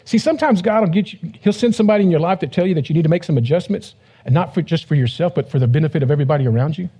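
A man's voice: a little high, racing, mellow, husky. A man who is a pastor, giving a casual, joking sermon and acting out the voices of people he quotes.

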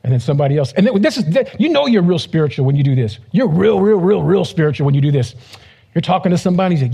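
Husky-voiced pastor preaching casually. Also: male voice, on the high side, sing-song, rapid-fire, warm tone. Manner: conversational, joking, acts out quoted voices. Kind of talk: casual humorous sermon.

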